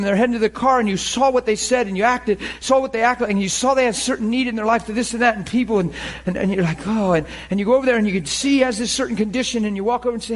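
High-voiced conversational preacher man. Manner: conversational preaching, acts out dialogues, laughs often. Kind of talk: sermon.

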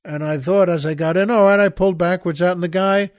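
A man's voice: sits high, steady tone, dry recording, studio quality. Rambling older man telling a story. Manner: rambling, halting, with many restarts and asides to the listener. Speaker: podcast host. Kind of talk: casual storytelling monologue.

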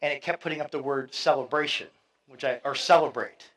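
A man's voice: medium pitch, a little fast, a bit bright, rough recording. A middle-aged man preaching a sermon in a conversational way, with fillers and asides, reading scripture aloud. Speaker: pastor.

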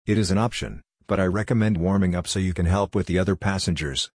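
A composed, logical android woman, as a male narrator reads her speaks in a low, husky register. Her delivery stays level and matter-of-fact, like a calm storybook reading with a dry, close sound. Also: fast talker, no room sound.

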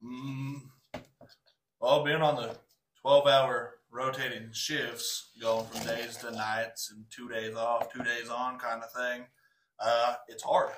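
A man's voice: medium pitch, level tone, slow, fairly bright tone, slight background noise. A man answering interview questions in a plain-spoken, matter-of-fact way. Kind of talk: casual podcast interview. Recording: roomy echo.

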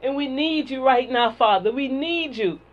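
High-voiced lady preacher, fervent repeating cadence, muffled lo-fi sound. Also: normal speed. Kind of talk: sermon and prayer. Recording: dull lo-fi sound.

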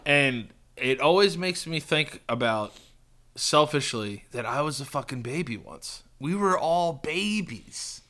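A man co-hosting a podcast in casual chat, joking with quick reactions and musing out loud. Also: fairly high pitch, lively intonation. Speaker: podcast co-host.

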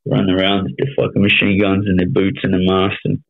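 A man's voice: low voice, completely flat delivery, fast, vocal fry. A man in his thirties with an Australian accent, telling his life story as a podcast guest in blunt, heavily sworn casual speech. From Melbourne, Australia. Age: 30s. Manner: blunt, heavy swearing, frequent "you know what I mean". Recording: tinny phone-like sound.

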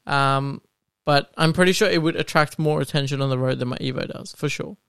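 A young man with a smooth, resonant voice holds forth on cars in a relaxed podcast argument. He is opinionated, fills pauses with ums and laughs easily. The sound is dry and close. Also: on the high side, no echo. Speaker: podcast co-host. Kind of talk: casual chat.

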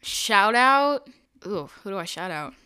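A woman's voice: medium pitch, big pitch swings, unhurried, pushed and bright, clear, resonant tone. A young woman co-hosting a casual podcast over a call, laid-back and wry, often giggling. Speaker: podcast co-host. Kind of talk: casual chat.

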